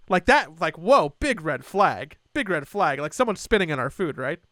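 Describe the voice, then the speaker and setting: Smooth-voiced young man telling a story. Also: high-pitched, moderate pace, hardly any pauses, dry recording, clean studio sound. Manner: animated, acts out family members' voices. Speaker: podcast co-host. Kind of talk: casual storytelling chat.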